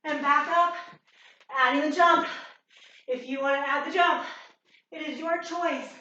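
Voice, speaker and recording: A woman's voice: high-pitched, fairly even intonation, a little slow, pushed and bright, very echoey, far from the mic, highs cut off. A woman fitness instructor leading a workout, cueing moves while exercising and getting out of breath.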